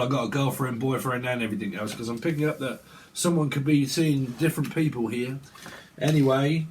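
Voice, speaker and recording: A man giving a rambling, joking tarot reading, swearing and laughing at himself. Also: mid-range voice. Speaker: tarot reader. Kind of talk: casual tarot reading monologue.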